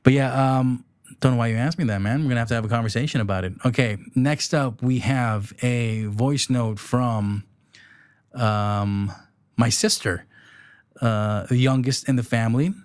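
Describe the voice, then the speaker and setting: Chuckling and self-correcting as he rambles, an Emirati podcast host in his thirties chats casually on his own. He has a smooth, mid-range voice at a moderate pace, and there is no room sound.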